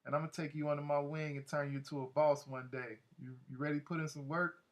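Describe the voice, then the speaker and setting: A man's voice: on the high side, level tone, fast talker, close to an everyday voice. A man putting on a raised, cursing gang boss. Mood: menacing, scornful. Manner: aggressive, cursing, scolding. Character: menacing adult male gang leader, swaggering and crude.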